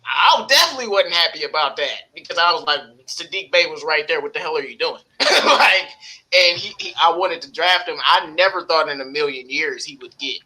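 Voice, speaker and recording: A man co-hosting a casual basketball podcast, talking in an animated, excitable way and laughing often. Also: a little high, brisk, poor audio. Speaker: podcast co-host. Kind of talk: casual sports talk.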